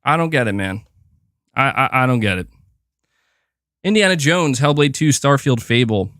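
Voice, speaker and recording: A man's voice: medium pitch, lively intonation, moderate pace, a bit bright, dry recording, studio quality. A young man ranting profanely and with exasperation while commenting on gaming news on a livestream, often repeating himself.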